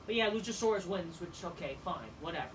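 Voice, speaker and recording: A man giving a casual, rambling review of a wrestling show, swearing often and filling pauses with "like" and "you know.". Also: high voice, lively intonation, a bit bright. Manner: profane, rambling, with frequent fillers. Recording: distant mic with faint background noise.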